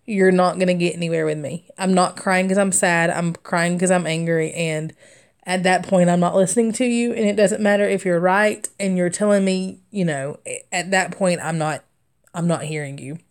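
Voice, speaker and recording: Her voice is lowish and clean, with a steady tone at a normal speed. She is a young adult craft streamer chatting loosely and rambling through stories as she stitches, full of laughter and filler words.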